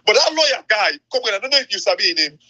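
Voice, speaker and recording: A Sierra Leonean man pressing his point in a heated political chat, his voice high and piercingly bright. He rushes along, repeating words for emphasis, as heard through a phone voice message. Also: sing-song, low-quality recording. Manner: emphatic, repetitive. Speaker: commentator.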